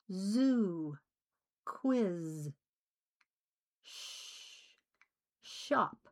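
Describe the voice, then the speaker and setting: Woman pronunciation teacher, very slow and precise, mid-pitched, scripted lesson delivery. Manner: deliberate, carefully enunciated delivery.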